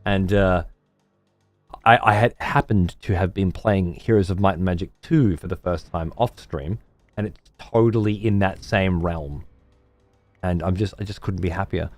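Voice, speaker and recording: A man streams a strategy game in a low, relaxed voice. He chats with viewers and mutters to himself, swearing freely. Faint music runs underneath. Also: normal speed, no echo. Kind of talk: casual gameplay commentary.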